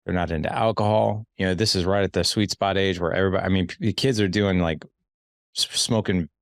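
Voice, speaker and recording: A man's voice: sits low, steady tone, fairly quick, vocal fry, no echo, clean studio sound. A man in his forties hosting a podcast interview, talking emphatically and often repeating words as he thinks. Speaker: podcast host. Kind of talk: casual interview chat.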